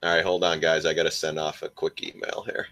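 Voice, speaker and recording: Animated older man ranting. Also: extremely low pitch, a little fast. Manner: animated, mocking, laughs often. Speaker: live stream host, trader. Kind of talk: casual live stream chat.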